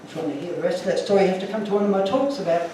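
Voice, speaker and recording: A man's voice: high voice, very fast, warm tone, a little hiss or hum. A man giving an emotional, earnest talk to an audience, telling stories with slides. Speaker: speaker. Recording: echoey room from far off.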